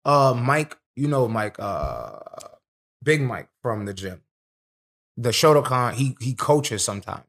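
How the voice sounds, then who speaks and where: This young professional fighter speaks slowly at a medium pitch, with a creaky quality to his voice. On a casual podcast he shares fight stories in a profane, streetwise, animated way.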